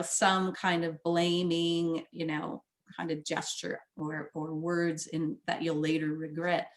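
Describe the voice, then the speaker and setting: A woman guest speaks as a therapist, walking the listener through ideas in a soft, soothing manner. Her voice is slightly low, and she laughs easily between thoughts. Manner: gentle, soothing, explanatory. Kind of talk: casual conversation.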